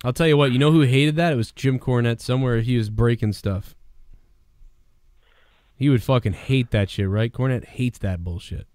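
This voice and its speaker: A man hosts a live call-in review show, rambling through stories and swearing freely. His voice is smooth and clear, and it sits close and dry with no room sound. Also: mid-range voice, normal speed, a little mellow, dry recording. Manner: rambling, profane, storytelling. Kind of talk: casual call-in chat.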